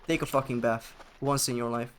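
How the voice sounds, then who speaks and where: A man's voice: mid-range voice, steady tone, a little fast, a bit bright, a little hiss or hum. Male streamer, casual live gameplay talk, sardonic and foul-mouthed, mid-range voice. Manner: sarcastic, swearing, joking with chat.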